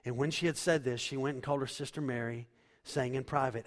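A male pastor preaches in a middle-pitched voice, walking his listeners through scripture verse by verse. His words carry a long reverb, as if he is speaking in a large church sanctuary. He swings from quiet explanation to loud, emphatic declarations. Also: steady tone, fairly quick. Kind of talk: sermon.

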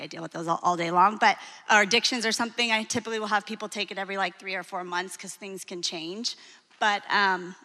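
A woman in her forties, a marriage coach, giving a lively, frank and encouraging talk to a live audience. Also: medium pitch. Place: hall with an audience. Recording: long reverb of a large hall.

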